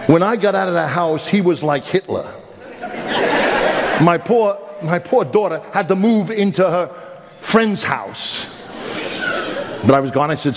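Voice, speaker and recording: A middle-aged male pastor preaching a sermon, telling a funny story in an animated, self-mocking way with sudden emphatic rises. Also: high-pitched, unhurried, pauses often, a crowd in the background. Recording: long hall reverb, faint background noise.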